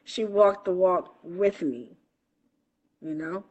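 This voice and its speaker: A woman's voice: fairly low pitch, slow pace, a little mellow, dull audio. A woman spiritual coach in a casual live stream on her phone, affectionate and laughing often, calling listeners baby and honey.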